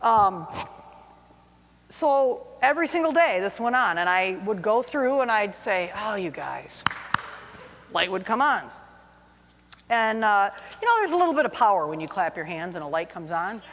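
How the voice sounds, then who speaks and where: A teacher in her forties tells an audience a funny personal story, poking fun at herself. Her mid-range voice is very animated and a bit bright at normal speed, with a slight hiss or hum and long hall reverb on the recording.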